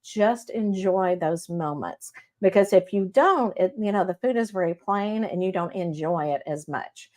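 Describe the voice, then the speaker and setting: A middle-aged woman with a Texas accent, a medium hosting a casual live-stream reading. She talks in a chatty, warm-hearted way and often checks in with "okay?". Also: fairly low pitch, measured pace, few pauses. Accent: Texan. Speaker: psychic medium host.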